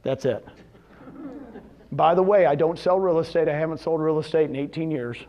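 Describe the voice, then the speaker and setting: On a muffled recording, a man with a mellow, higher-leaning voice speaks at a moderate pace to a live audience at a real estate seminar. His motivational talk features animated success stories and rhetorical questions aimed at the crowd.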